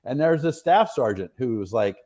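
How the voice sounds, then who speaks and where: A man's voice: medium pitch, animated, moderate pace, warm tone. A middle-aged man from the northwestern United States, an interview guest chatting through long stories, rambling and self-deprecating with plenty of fillers. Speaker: interview guest, retired soldier. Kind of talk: casual storytelling interview.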